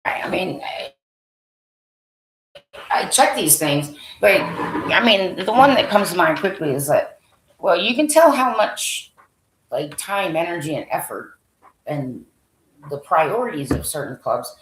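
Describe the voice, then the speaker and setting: In a low-quality recording with a roomy sound and a little hiss or hum, a woman vlogger muses out loud as she looks through a website. Her fairly low voice swings widely in pitch, and she speaks unhurriedly with frequent pauses, rambling with many fillers and slipping into a whisper when reading list items.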